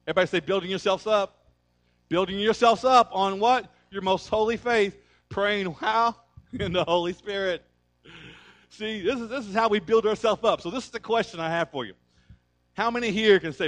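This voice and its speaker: A male pastor preaching a sermon, emphatic and energetic, calling on the congregation to respond. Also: high voice, moderate pace. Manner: conversational storytelling.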